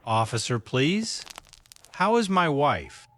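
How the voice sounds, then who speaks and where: A man voicing a remorseful husband in a slow learner's storybook. His delivery is pleading and lively in pitch, taken at an unhurried pace, with faint music underneath. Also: heavily acted. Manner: pleading, desperate. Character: remorseful young husband after drunk crash.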